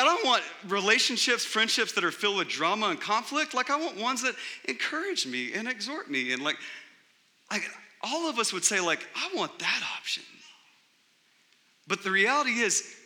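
Middle-aged male pastor, high, bright voice, chatty animated sermon, hall reverb. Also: moderate pace. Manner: conversational, animated preaching with frequent "like" and "right?".

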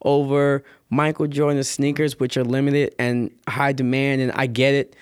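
A man's voice: medium pitch, flat delivery, normal speed, clear, resonant tone, no echo, clean studio sound. A man co-hosting a casual sneaker podcast, rambling, joking and swearing freely. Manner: rambling, profane, jokey. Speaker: podcast co-host. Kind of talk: casual chat.

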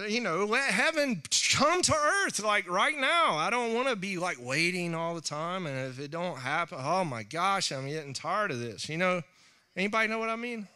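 A man in his forties preaches with a loose, storytelling delivery, putting on other voices as he goes. His tone is very bright and sits a little high for a man. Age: 40s. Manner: storytelling, acts out voices in a high pitch, laughs often. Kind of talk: sermon.

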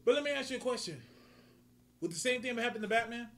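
Very high voiced guy going off on a rant, cussing, laughing a bunch. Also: animated, fast talker, a bit bright. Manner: profane, ranting, laughs a lot. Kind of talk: casual comic rant.

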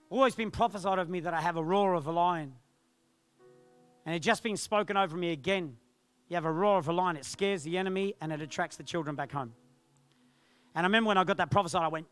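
A male pastor telling a personal testimony in a sermon, animated and acting out the voices of others. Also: high voice. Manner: animated storytelling, acts out quoted voices.

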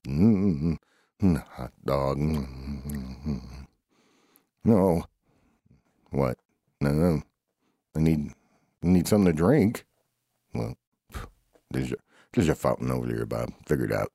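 A man's voice: rumbling low, expressive, unhurried, gravelly, pauses often, dark tone, dry recording, clean studio sound. A man improvising a playful, rambling comic story with banter between characters. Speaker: home show storyteller.

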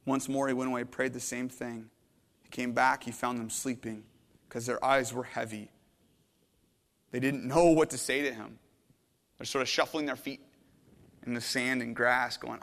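A man preaching a sermon, retelling a scene dramatically and swinging from loud passages to hushed ones. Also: medium pitch, fairly even intonation, moderate pace, long pauses. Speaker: pastor. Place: church hall. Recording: long hall reverb.

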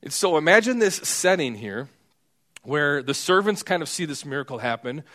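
A man's voice: fairly high pitch, sing-song, moderate pace, bright, forceful tone. A man preaching a sermon in a conversational way, acting out the people in the story. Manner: conversational, acts out quoted characters.

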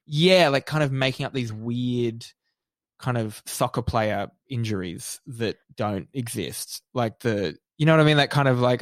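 A man's voice: mid-range voice, unhurried, no echo, studio quality. A man with a lisp co-hosting a casual podcast, rambling and hesitant, filling his talk with "like" and "kind of". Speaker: podcast co-host. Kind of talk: casual chat.

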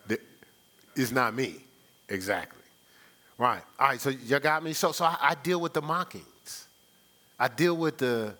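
A man's voice: mid-range voice, moderate pace, long pauses, sharp tone. A male pastor preaching a live church sermon in a conversational way, often checking in with the congregation. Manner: conversational, rhetorical, checks in with "right?".

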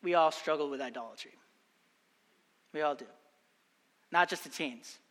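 A man's voice: a little high, normal speed, fairly bright tone, long reverb tail. A young adult man preaching a sermon, earnest and exhorting, often repeating phrases for emphasis. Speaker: pastor.

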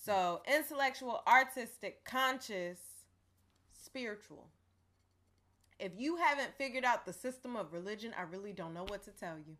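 Bright-voiced young woman, candid chat. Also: mid-range voice, normal speed. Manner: candid, animated, laughs often. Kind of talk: casual chat.

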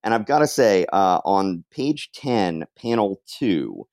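A man's voice: low voice, sing-song, slow, darkish tone, dry recording, clean studio sound. A man co-hosting a podcast, recapping a comic book in casual chat and acting out the characters' lines now and then. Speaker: podcast co-host.

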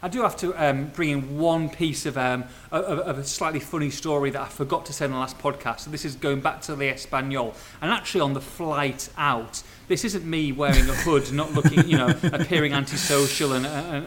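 A man hosting a casual football podcast, telling funny anecdotes in a lively way and laughing often. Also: fairly high pitch, a little fast, hardly any pauses. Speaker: podcast host.

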